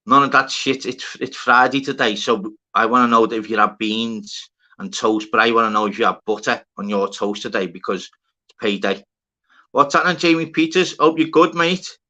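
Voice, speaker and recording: A man's voice: medium pitch, pushed and bright. A man hosting a livestream, bantering casually with viewers, swearing freely and greeting them by name. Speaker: livestream host. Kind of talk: casual live-chat banter.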